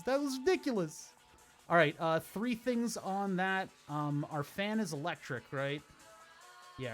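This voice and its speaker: At his home streaming setup, a man with a medium-pitched voice gives casual gameplay commentary as game music plays faintly. He rambles like a storyteller, interrupting himself as he goes.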